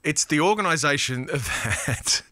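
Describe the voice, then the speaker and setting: A man's voice: a little high, expressive, a little slow, sharp tone, dry recording. Aussie radio guy reading out texts, rambly, lots of uhs, dry close studio mic. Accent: Australian. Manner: rambling, chatty, self-deprecating, full of fillers and restarts. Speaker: radio host. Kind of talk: casual radio chat reading listener texts.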